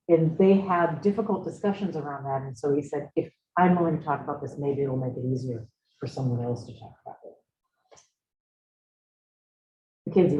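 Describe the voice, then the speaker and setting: A woman's voice: low-pitched, mellow, a little hiss or hum. A middle-aged woman leading a seminar, talking reflectively and engaging her students with questions. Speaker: seminar leader. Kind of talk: conversational seminar talk. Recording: roomy, slightly dull room recording.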